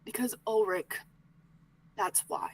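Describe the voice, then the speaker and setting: A woman playing Arlo, a grieving young man, talking in halting, pleading bursts that sink to whispers. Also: mid-range voice, fairly even intonation, low-quality recording.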